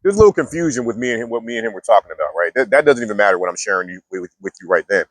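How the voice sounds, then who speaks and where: A man's voice: on the low side, animated, racing, no room sound. A young man telling a story in casual, slangy talk, with frequent restarts and fillers, as a mindfulness vlogger. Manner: laid-back slangy talk with many restarts.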